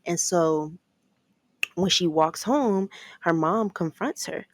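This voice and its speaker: A woman's voice: fairly low pitch, slow, no room sound. A woman casually recapping a movie plot, rambling from scene to scene with lots of "like" and "ends up". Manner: rambling, strings events with "like" and "ends up".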